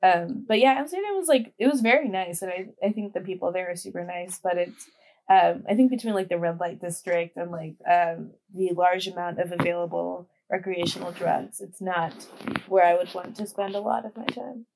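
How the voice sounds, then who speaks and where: A woman's voice: on the low side, normal speed, vocal fry, darkish tone. A young woman in her twenties, a podcast guest chatting casually, with many fillers and easy giggles. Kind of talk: casual chat.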